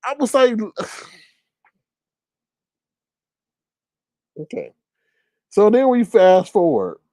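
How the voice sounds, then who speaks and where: A man hosting casual gossip commentary, talking in an animated, incredulous way and swearing freely. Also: high voice, drawn-out words, dry recording. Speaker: commentary channel host.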